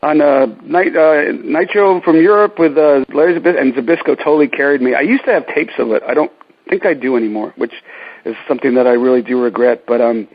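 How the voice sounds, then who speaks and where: A man's voice: mid-range voice, fairly quick, muffled recording. A man being interviewed about his career, telling stories casually with many restarts and fillers. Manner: rambling, many ums and restarts. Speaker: ring announcer guest.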